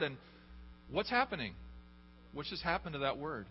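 A man's voice: a little high, big pitch swings, fast talker. A man preaching a sermon, emphatic, often asking the congregation questions. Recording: echoey hall, dull lo-fi, faint hum.

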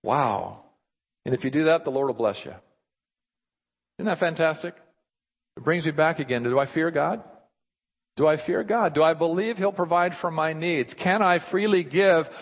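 A man preaching a sermon in an animated way, often throwing rhetorical questions at his listeners. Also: a little high, normal speed, pauses often. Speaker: pastor. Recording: dull sound with long hall reverb.

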